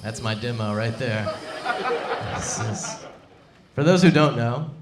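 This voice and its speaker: A man performing a live stand-up set on a comedy club stage, wry and deadpan, speaking into a stage mic. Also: medium pitch, takes it slowly, noisy background. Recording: echoey club with loud crowd.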